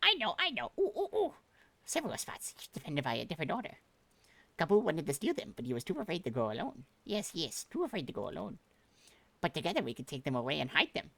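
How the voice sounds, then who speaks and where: A man's voice: a little high, huge pitch swings, fast talker, creaky, a bit bright, no room sound, heavily acted. A man voicing a timid, pleading little male kobold in a game, with an odd put-on accent and repeated words. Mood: eager. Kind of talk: reading game dialogue aloud.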